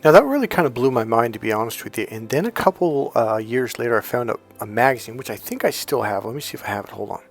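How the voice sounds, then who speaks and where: A man's voice: medium pitch, animated, quick pace, hardly any pauses, soft background music. Rambling middle-aged man, dating coach. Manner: rambling, retells dialogue in quotes. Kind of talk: casual monologue.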